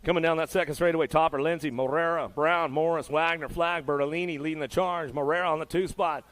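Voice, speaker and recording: A man calls the race live, rattling off names and positions in a hyped, easygoing patter. His voice sits a little higher than most men's, and he keeps throwing slang into the play-by-play. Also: steady tone, quick pace, fairly bright tone. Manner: hyped, laid-back slang-filled patter. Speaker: race announcer.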